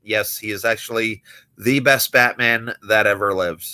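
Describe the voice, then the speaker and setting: Bright-voiced young man telling stories. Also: on the low side, steady tone, unhurried, clear, resonant tone. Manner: storytelling, acting out quoted people. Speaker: magician and livestream host. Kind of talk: casual late-night livestream chat.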